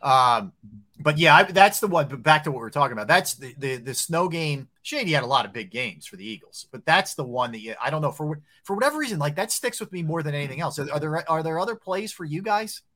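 A man's voice: fairly high pitch, very animated, fast talker, sharp tone. A man hosting a sports talk show, steering the conversation by putting questions to his co-hosts. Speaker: host.

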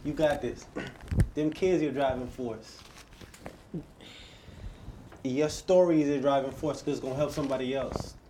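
Male interview host, mellow tone, encouraging and repetitive. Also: medium pitch, measured pace, long pauses, a little hiss or hum. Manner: encouraging, repeats phrases for emphasis.

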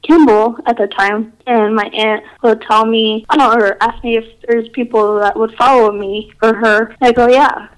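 A woman's voice: fairly high pitch, steady tone, moderate pace, few pauses, poor audio. A woman telling her own ghost experiences in casual, rambling talk, full of "like" and restarts. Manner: rambling, filler-heavy, says "like" often. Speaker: storyteller. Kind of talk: casual personal storytelling.

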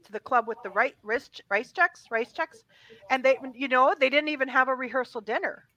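A woman co-hosting a casual chat about a movie, animated, laughing often and acting out quotes. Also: sits high, moderate pace, no echo. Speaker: podcast co-host.

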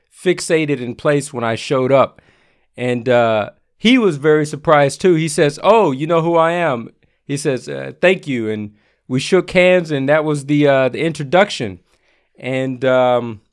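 A man with a smooth, clear voice that sits a little above the usual male range. He tells a rambling personal story in a relaxed, chatty way, full of "uh" and restarts, as a whiskey writer. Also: a little high. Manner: rambling anecdotal telling with fillers. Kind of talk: casual storytelling.

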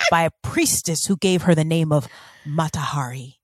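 A woman co-hosting a podcast, telling a history story in a casual, animated way with laughing asides. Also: low-pitched, moderate pace, no room sound. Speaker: podcast co-host.

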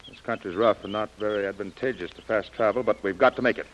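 A man acting a brisk expedition commander. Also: on the low side, a bit bright, slight background noise, close to an everyday voice. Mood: commanding. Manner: crisp, giving orders. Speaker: expedition leader. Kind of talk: 1930s radio acting. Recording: muffled old radio recording.

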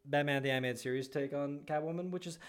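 A man's voice: on the high side, fast talker, clear, resonant tone. Rambling male podcast co-host. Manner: rambling with many fillers. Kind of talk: casual chat.

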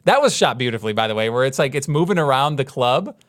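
A man in his thirties co-hosting a podcast, talking in a mid-pitched voice. He rambles, restarts his sentences and acts out scenes as he retells them. The mic is close and dry, with no room sound. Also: very animated, quick pace, a bit bright, dry recording. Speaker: podcast co-host. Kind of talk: casual chat.

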